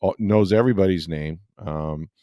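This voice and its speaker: A man's voice: low voice, normal speed, mellow, dry recording, clean studio sound. A middle-aged man hosting a sports podcast, telling a rambling story in casual chat with lots of fillers.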